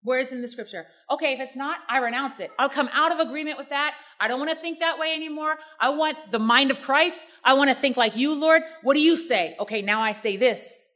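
A woman delivers a sermon in a high, bright voice. She preaches emphatically, checking in with her listeners through "amen" and "right?". At her peaks she climbs close to a shout. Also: a little fast, hardly any pauses.

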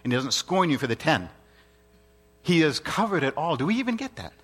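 A man's voice: fairly high pitch, sing-song, a little fast, a bit bright, slightly rough. A man preaching a sermon in an earnest, emphatic way, repeating his points and asking rhetorical questions.

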